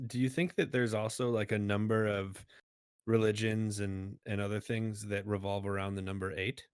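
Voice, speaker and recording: A man's voice: lowish voice, little pitch movement, moderate pace, clear, resonant tone, dry recording, clean studio sound. A man co-hosting a casual podcast, talking loosely with lots of "like" and "you know" and laughing along. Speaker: podcast co-host. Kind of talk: casual chat.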